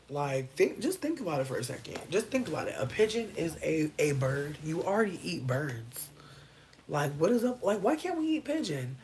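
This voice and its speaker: Animated, profane woman riffing casually. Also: a little hiss or hum. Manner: loose, profane, riffing with big swings in pitch. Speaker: podcast host. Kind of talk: casual comedic chat.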